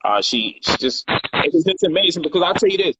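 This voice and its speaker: A man casually telling a personal story on a livestream, animated and profane, loudly acting out heated quotes. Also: sits high, brisk, heavy background noise. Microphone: phone or livestream mic.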